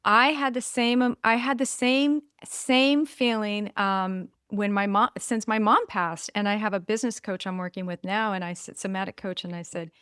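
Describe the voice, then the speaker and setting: A woman's voice: mid-range voice, moderate pace, hardly any pauses, clean tone, dry recording, studio quality. A middle-aged woman hosting a podcast, chatting casually and animatedly, laughing easily. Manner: animated, laughing, acts out quotes. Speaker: podcast host. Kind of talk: casual chat.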